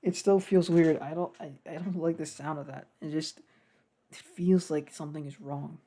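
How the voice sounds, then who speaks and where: A man's voice: fairly high pitch, steady tone, normal speed, mellow. A young man casually narrating his game development work, rambling and getting sidetracked. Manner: rambling, self-deprecating, gets sidetracked. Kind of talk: casual devlog commentary.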